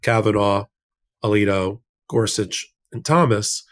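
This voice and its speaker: A man's voice: on the low side, measured pace. An American man co-hosting a legal discussion show, explaining in a casual, emphatic way with rhetorical asides. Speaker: legal commentator, co-host.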